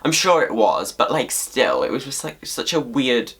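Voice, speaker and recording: A man ranting casually to camera as a vlogger, swearing freely in an animated, exasperated way. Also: medium pitch, normal speed, slightly rough.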